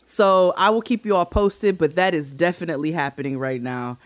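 A woman co-hosting a podcast who tells a story in a casual, animated way, swearing freely and acting out quotes in a much higher voice. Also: brisk, no room sound. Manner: animated, swearing, acts out quotes with big pitch jumps. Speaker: podcast co-host.

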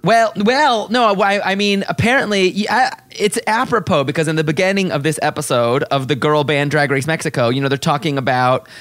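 A man co-hosting a podcast in casual chat, animated and gossipy, often breaking into laughter. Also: fairly high pitch, brisk, hardly any pauses, dry recording. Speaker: podcast co-host.

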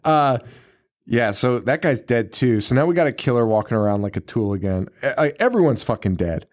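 A man's voice: mid-range voice, animated, brisk, a little mellow. A man co-hosting a podcast, chatting casually and profanely as he recaps a movie, laughing and acting out scenes. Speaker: podcast co-host.

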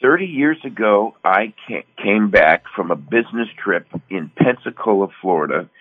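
A man's voice: on the low side, animated, normal speed, slightly rough. Older man on a tinny phone line. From Connecticut, US Northeast. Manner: folksy storyteller who acts out quoted dialogue. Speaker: radio show co-host. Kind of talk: casual radio chat, storytelling.

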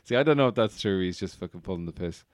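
A man's voice: low voice, lively intonation, fast talker, no echo, clean studio sound. A man co-hosting a podcast, chatting casually about a film, laughing easily and swearing now and then. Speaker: podcast co-host.

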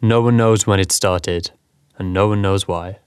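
Old rural farmer, grief-stricken and gruff, low and dry, read by a man. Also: steady tone, unhurried, no room sound. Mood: sorrowful. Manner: gruff, then sorrowful. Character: grieving old male farmer, wary and haunted.

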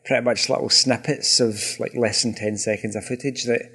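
A man's voice: medium pitch, steady tone, a little fast, creaky, fairly bright tone, slightly rough. A man co-hosting a podcast in casual chat, wry and chatty, laughing easily. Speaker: podcast co-host.

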